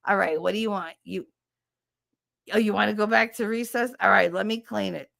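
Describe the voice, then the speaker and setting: A brusque older school nurse who chain-smokes, fusses and calls every kid darling, as a woman puts her on. Her voice is gravelly and recorded close and dry. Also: mid-range voice, moderate pace, a bit bright, no room sound. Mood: fussing.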